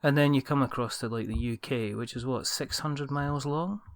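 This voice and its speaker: Brief: podcast host, medium pitch, dry room, relaxed storyteller who laughs at his own bits. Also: normal speed, no echo. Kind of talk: casual chat.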